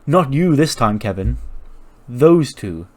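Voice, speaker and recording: A man voicing a brash young male wrestler who talks trash loudly in slang. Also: medium pitch, very animated, slow. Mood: cocky. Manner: loud, slangy trash talk.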